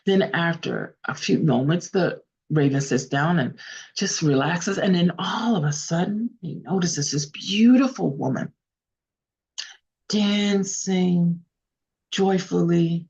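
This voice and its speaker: A woman storyteller narrates a folk tale in an unhurried, earnest manner, sometimes stopping to correct herself. Her voice sits low and husky, with a gravelly fry. She is heard over a video call, and the sound is dull and lo-fi. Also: a little mellow. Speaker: storyteller, guest speaker. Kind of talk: oral storytelling.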